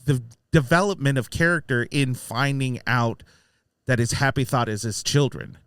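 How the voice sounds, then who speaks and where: A man co-hosting a casual film review podcast, animated, often acting out lines in mocking voices. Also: medium pitch, moderate pace, clean tone, dry recording, studio quality. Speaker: podcast co-host.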